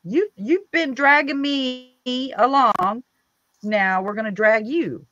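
A woman's voice: fairly high pitch, slow, fairly bright tone, no room sound, dull audio. A woman co-hosting a livestream, chatting casually, teasing and often laughing. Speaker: livestream co-host. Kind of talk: casual chat.

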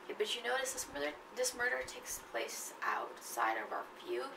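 A woman's voice: fairly high pitch, sing-song, moderate pace, creaky, background noise. A woman teacher giving a literature lecture, who keeps checking in with her students with short questions as she goes. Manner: checks in often with questions to the class. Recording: echoey room, mic at a distance.

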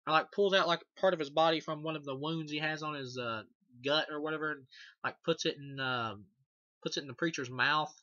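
Man with a sharp voice, profane movie rant. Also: fairly high pitch, no echo. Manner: rambling and profane, many fillers and restarts; laughs often at the film. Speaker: horror movie reviewer. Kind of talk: casual spoken film review. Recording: dull, dry lo-fi sound.

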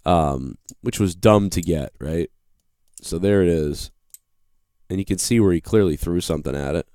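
A man's voice: sits low, normal speed, mellow, no echo, studio quality. A man in his thirties with a Boston accent, hosting a live show and telling a rambling, profane story about his own mishaps. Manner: rambling, profane, self-deprecating. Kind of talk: casual live-stream storytelling.

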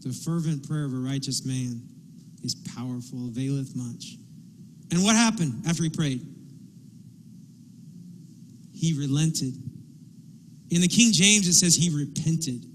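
High-voiced preacher in a reverberant church. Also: male voice, a little slow, long pauses, slight background noise. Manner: impassioned preaching, acting out pleading quotes. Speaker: pastor. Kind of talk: sermon. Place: church sanctuary. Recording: long hall reverb.

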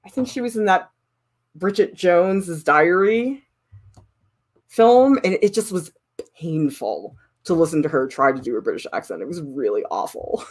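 A woman art teacher chatting casually while sculpting, animated and laughing often. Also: on the low side, moderate pace, husky.

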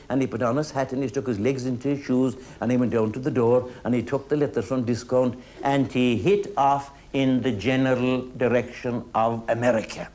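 A storyteller with an Irish accent and a mid-range, darkish voice tells a traditional folk tale. His oral telling is lilting, humorous, and rhythmic.

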